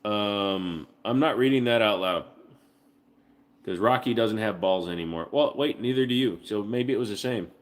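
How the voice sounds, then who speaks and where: A man's voice: lowish voice, moderate pace. A man hosting a casual livestream from home, joking with profanity and cooing baby talk to his dog. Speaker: livestream host.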